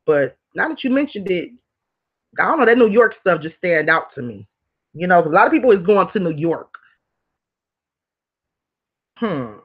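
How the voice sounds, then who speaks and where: A woman hosting a casual livestream, talking candidly to viewers and reading their comments, rambling and animated. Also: fairly low pitch, moderate pace, long pauses, husky. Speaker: livestream host. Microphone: streaming mic. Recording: dull lo-fi stream audio.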